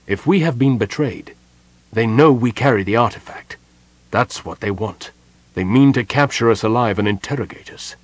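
A man voicing a proud, bitter male mage who speaks crisply and commandingly. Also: mid-range voice, moderate pace, no echo, close to an everyday voice. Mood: stern.

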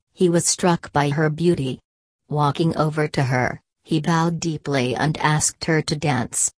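A woman narrating a fairy tale as a storybook reading, measured and expressive. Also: low voice, no echo.

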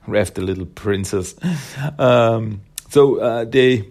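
A man reviewing a comic book in a relaxed, rambling way, with many fillers. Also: lowish voice, slow. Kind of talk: casual comic recap.

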